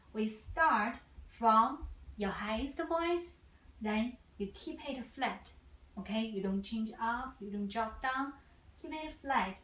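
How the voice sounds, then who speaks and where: A woman's voice: medium pitch, fairly bright tone. A woman teaching a Mandarin lesson patiently, repeating each sound twice in simple English. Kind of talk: slow language lesson. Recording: echoey room.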